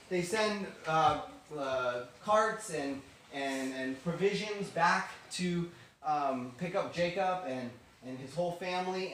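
A man teaching a Bible lesson in an animated storytelling way, often asking his listeners questions. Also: on the high side, slight background noise. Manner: animated, asks the class questions. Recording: echoey room, distant mic.

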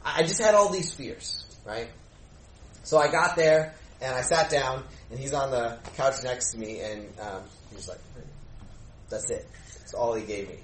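A man's voice: medium pitch, measured pace, slight background noise. A man, a pastor, telling a personal story to his congregation in a casual, chatty way full of fillers, and acting out the voices of people he quotes. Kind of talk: sermon storytelling. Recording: roomy echo, mic at a distance.

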